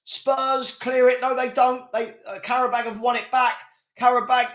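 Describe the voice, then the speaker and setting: A fairly high-voiced man talks over a live match as a fan host. He is exasperated and chuckling, calling the play and answering his chat. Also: little pitch movement, normal speed, fairly bright tone. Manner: exasperated, laughing, reading chat aloud. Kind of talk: live match watchalong commentary.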